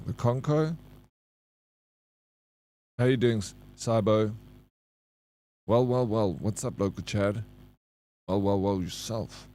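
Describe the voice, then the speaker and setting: A man's voice: lowish voice, animated, slow pace, pauses often, dark tone. Laid-back South African man streaming. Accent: South African (Johannesburg). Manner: laid-back, reads chat aloud and greets viewers by name. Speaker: game streamer. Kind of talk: casual live-stream chat.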